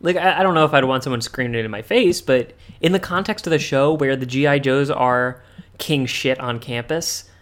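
A man's voice: medium pitch, normal speed, a bit bright. A man co-hosting a podcast in casual chat, often stumbling over and repeating words with a wry tone. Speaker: podcast co-host.

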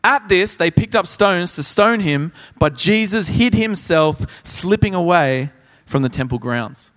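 High-voiced preacher in a hall. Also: male voice, measured pace. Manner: animated storyteller, acts out voices. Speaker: pastor. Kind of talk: sermon. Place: large conference hall.

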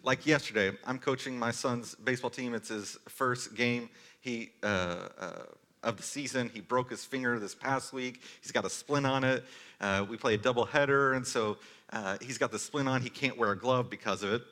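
A man in his thirties preaching a sermon as pastor, telling stories earnestly and moving between forceful and hushed delivery. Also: mid-range voice, moderate pace. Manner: earnest storytelling, varies loudness from forceful to hushed.

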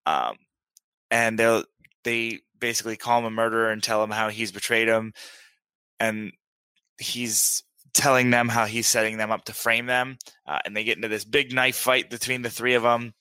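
A man's voice: on the low side, steady tone, moderate pace, bright, forceful tone, clear, resonant tone, dry recording. Rambling, laughing man on a podcast. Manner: rambling, laughing recap full of fillers. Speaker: podcast co-host. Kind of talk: casual chat.

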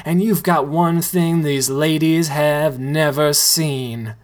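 A reader voicing Rome, a woman coach giving an emphatic pep talk to male dancers, slow and unhurried. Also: sits low. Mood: rousing.

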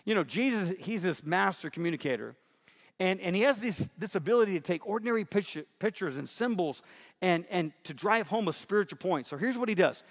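Male preacher, conversational and emphatic, slightly high voice, recorded in a reverberant church hall. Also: expressive, fairly quick. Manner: conversational, repeats himself, emphatic. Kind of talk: sermon.

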